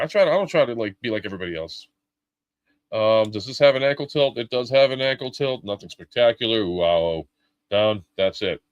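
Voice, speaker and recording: A man's voice: mid-range voice, no echo, lo-fi sound. A middle-aged man live-streaming a toy unboxing, chatting casually with jokes, swearing and lots of fillers.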